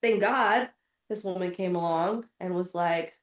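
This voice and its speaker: A woman's voice: on the low side, measured pace. Blunt, emphatic woman chatting. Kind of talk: casual chat. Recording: echoey room, dull lo-fi sound.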